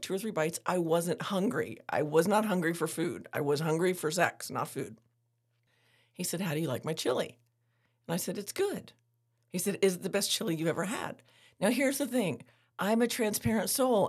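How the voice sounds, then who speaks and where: Husky, animated woman telling frank stories. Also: fairly low pitch. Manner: candid, laughing, animated storytelling. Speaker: podcast host. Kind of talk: frank casual monologue.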